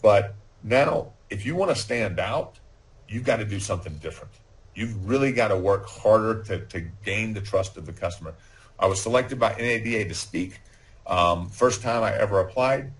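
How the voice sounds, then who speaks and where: Low-voiced man pitching ideas on a podcast. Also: expressive, normal speed. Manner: confident, pitches ideas with frequent restarts. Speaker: podcast guest. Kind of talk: casual podcast chat.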